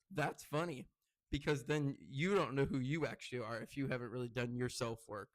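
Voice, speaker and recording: A man's voice: mid-range voice, lively intonation, moderate pace. A young man vlogging straight to camera about his own channel. He talks in a loose, rambling way, full of "like" and restarts, and keeps working himself up into an indignant rant. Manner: rambling and heated, heavy use of "like". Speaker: content creator. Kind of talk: casual vlog rant to camera.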